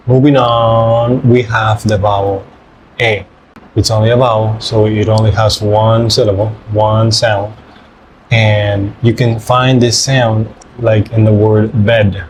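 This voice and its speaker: Male language teacher, lowish voice, unhurried and patient, drills syllables. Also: steady tone, a little hiss or hum, poor audio. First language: Spanish. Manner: patient, repeats each syllable slowly. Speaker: Spanish teacher. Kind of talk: pronunciation lesson.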